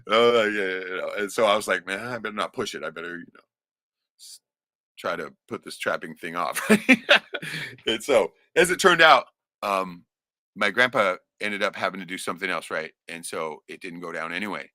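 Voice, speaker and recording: A low-voiced middle-aged man tells a long, profane personal story in a loose, chatty way. His tone is bright and forceful, and the sound is dry and close, with little room echo. He laughs often and keeps tossing in "right?". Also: animated, moderate pace. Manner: laughs often while telling.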